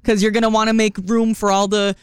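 A woman's voice: medium pitch, little pitch movement, fast, clean tone, dry recording. A woman co-hosting a radio morning show, talking in an easygoing, chatty way and laughing often. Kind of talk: casual radio banter.

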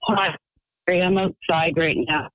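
A man voicing a rambling, excitable woman calling in to a radio show. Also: fairly high pitch, slow pace, dry recording, low-quality recording. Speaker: caller.

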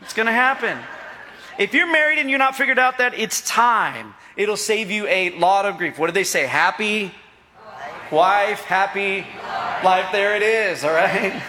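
Bright-voiced middle-aged male pastor preaching. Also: sits high, lively intonation, normal speed. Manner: folksy, joking, calls out to the congregation for agreement. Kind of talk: sermon. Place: church sanctuary. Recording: long reverb of a large hall.

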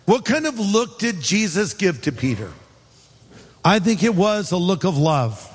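A man's voice: high-pitched, big-room sound. A man from California preaching a sermon in a conversational way, with humorous asides. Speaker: pastor.

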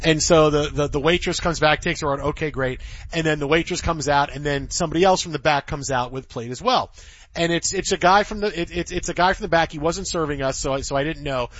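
A man in his fifties with a fairly high voice hosts a sports radio show in casual chat, spinning a rambling, animated story full of restarts. The studio sound is dry and a little dull. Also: quick pace, no room sound. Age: 50s.

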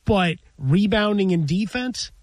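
A man's voice: high voice, animated, unhurried, no echo. A man co-hosting a sports radio show from a studio, talking in a wordy, analytical way with dry wit. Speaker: radio sports talk co-host. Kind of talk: casual studio banter. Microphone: studio mic.

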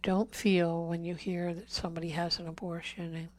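A woman's voice: lowish voice, little pitch movement, normal speed, a little mellow. A woman giving an earnest Catholic talk to a congregation, pleading with repeated questions and dropping to whispers on key words. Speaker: speaker at a healing service.

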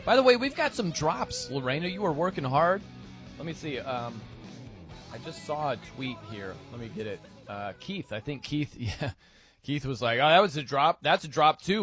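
Guy hosting sports radio, lively up and down voice, chatty, laughs a lot, dry studio sound. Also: medium pitch, slightly rough, no room sound. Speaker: radio show host. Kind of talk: casual sports radio chat.

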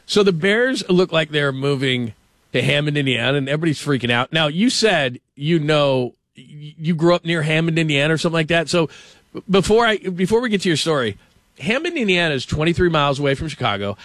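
A man hosting a casual sports talk show, ranting with animated stammers about a team's stadium. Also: on the high side, brisk, no room sound. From Los Angeles. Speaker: show host.

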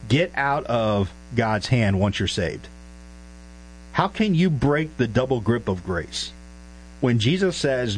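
A man's voice: mid-range voice, rough recording. Emphatic male preacher teaching scripture. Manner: emphatic, asks the listeners questions. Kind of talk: verse-by-verse sermon. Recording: faint mains hum.

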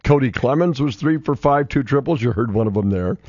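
A man's voice: mid-range voice, lively intonation, a little fast, a little mellow, dry recording. A man hosting a sports radio show, telling stories animatedly and laughing often. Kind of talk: casual sports radio chat. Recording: dull, dry studio sound.

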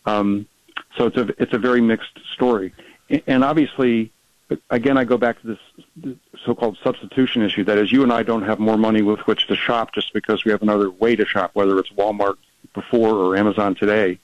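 A man, a policy researcher, talking fast as a guest in a radio interview, with many restarts and fillers. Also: lowish voice, steady tone, no room sound, dull audio.

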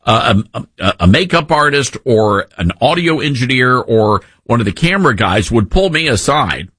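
A man hosting a talk radio show, telling stories in a conversational, animated way with frequent restarts. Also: medium pitch, normal speed, slightly rough, no echo. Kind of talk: conservative talk radio monologue.

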